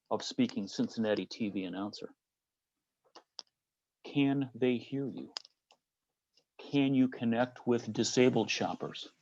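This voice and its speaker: A man's voice: medium pitch, a little mellow, no echo, dull audio. A man with a Midwestern American accent giving a conference keynote, posing rhetorical questions to the audience. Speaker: conference speaker.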